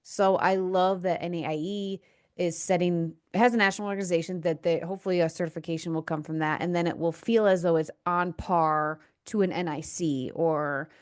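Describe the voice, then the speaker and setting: A woman hosting a podcast, herself an interpreter, talking in a relaxed conversational way. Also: lowish voice, a little fast, clean tone. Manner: relaxed, conversational, frequent agreeing backchannels.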